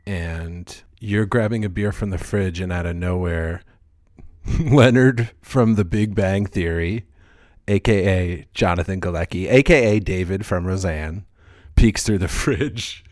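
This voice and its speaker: A man's voice: on the low side, unhurried, darkish tone. A man hosting a casual podcast chat, playful and jokey, laughing often. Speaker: podcast host.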